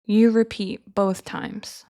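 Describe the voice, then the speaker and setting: A woman's voice: mid-range voice, level tone, slow, warm tone. An American woman teaching a scripted shadowing lesson, speaking each phrase with careful enunciation so learners can repeat it. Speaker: English teacher.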